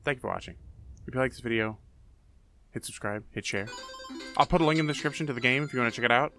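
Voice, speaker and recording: A man's voice: medium pitch, fast talker, pushed and bright, faint music behind. A young man giving goofy, jumpy commentary while playing a horror game, muttering to himself and then yelping. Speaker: gaming YouTuber.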